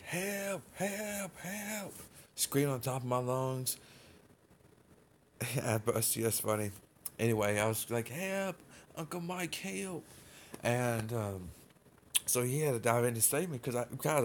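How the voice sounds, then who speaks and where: A man recounting his own story on a livestream, chatting loosely and addressing his viewers as "guys." His voice sits at a medium pitch, and his grammar is informal. He wanders through the story with restarts, filler words and a faint hum of room noise behind him. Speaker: livestream host.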